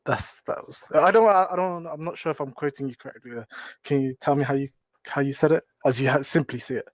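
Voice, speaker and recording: A London man with a London British accent is calling in to a phone-in show, his voice a little high and his delivery fast. He's polite but hesitant, often restarting his sentences, and there's no room sound.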